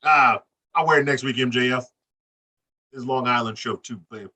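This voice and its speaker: Loud profane man, set back from the mic. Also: mid-range voice, moderate pace, recorded from a distance. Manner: loud, animated, laughing, swearing freely. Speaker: podcast co-host recapping wrestling. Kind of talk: profane casual chat.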